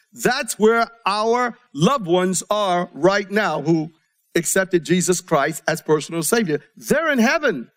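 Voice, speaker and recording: High-voiced preacher in full sermon. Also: male voice. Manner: preaching with sudden swings between soft and rising tones; reads scripture aloud to a live congregation.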